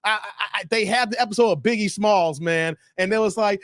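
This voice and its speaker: A man's voice: sits high, slow, pauses often, a bit bright, clear, resonant tone, no room sound, studio quality. A man hosting a live stream, joking in slangy casual chat and reading out viewer messages.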